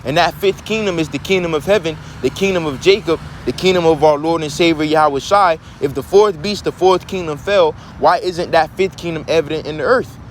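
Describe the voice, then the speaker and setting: A man with a fairly high voice teaches from scripture and keeps posing rhetorical questions to his listeners. He preaches in a plain, steady way. Faint traffic hums behind him. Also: brisk, few pauses.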